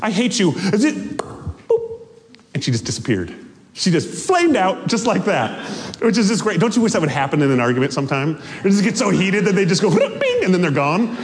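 A man preaching a sermon with an animated, joking delivery and frequent laughter. His voice is high for a man and swings widely. A long hall reverb surrounds him in the church sanctuary. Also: fast, a little hiss or hum. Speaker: pastor.

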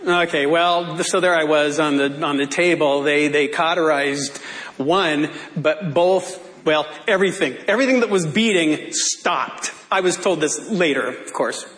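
A male pastor preaching a sermon in church, telling a story in a lively way and laughing often. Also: on the high side, measured pace, big-room sound. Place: church sanctuary.

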